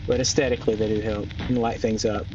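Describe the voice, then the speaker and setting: A man's voice: fairly low pitch, little pitch movement, fast talker. Rambling man narrating gameplay, slightly distant. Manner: rambling, thinks aloud with many ums. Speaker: gaming channel host. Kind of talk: casual let's-play commentary. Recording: dull lo-fi mic a bit off, faint music. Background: faint background music.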